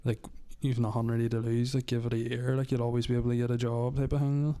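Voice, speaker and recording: A young man, chatting on a podcast and thinking aloud with hesitant pauses. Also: mid-range voice, little pitch movement, dark tone, clean tone. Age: young adult. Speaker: podcast co-host. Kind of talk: casual chat.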